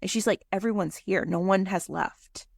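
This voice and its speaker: A woman guest on a podcast, telling a story in an animated, chatty way. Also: medium pitch, normal speed, gravelly, no room sound, studio quality.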